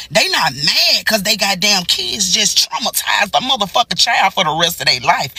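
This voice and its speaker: A woman ranting angrily to her phone camera in a heated, profane reaction, swinging between shouts and low mutters. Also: dry recording. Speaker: social media commentator. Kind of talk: angry reaction rant to camera.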